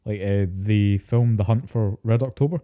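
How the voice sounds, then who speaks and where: A man co-hosting a podcast, chatting in a relaxed way, swearing casually and laughing often. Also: lowish voice, normal speed. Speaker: podcast co-host. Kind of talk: casual chat.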